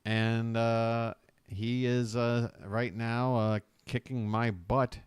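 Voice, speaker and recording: A man streaming a game live, griping, trash-talking his opponent and complaining about his bad luck in a casual, animated way. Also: medium pitch, slow, clear, resonant tone, dry recording. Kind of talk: casual live-stream commentary while gaming. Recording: loud music playing behind. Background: loud music.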